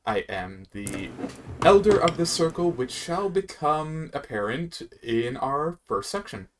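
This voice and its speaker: A co-host delivering a slow, theatrical introduction in a soft voice. The pitch moves expressively, over faint background noise. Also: very animated. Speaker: podcast co-host. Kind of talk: scripted podcast introduction.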